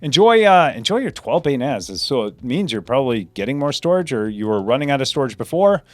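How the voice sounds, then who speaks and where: A man's voice: medium pitch, very animated, brisk, no room sound. An American man from the United States hosting a live Q&A, chatting loosely with lots of restarts and fillers, answering viewer comments. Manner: rambling, lots of restarts and fillers, laughs often. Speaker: host.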